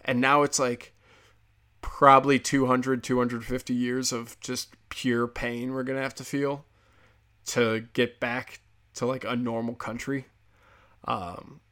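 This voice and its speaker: An American man holds forth as a podcast host, opinionated and sarcastic, cursing freely. His mid-range voice carries a gravelly, fry-heavy edge. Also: mid-range voice, a bit bright. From United States. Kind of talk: casual comedic rant.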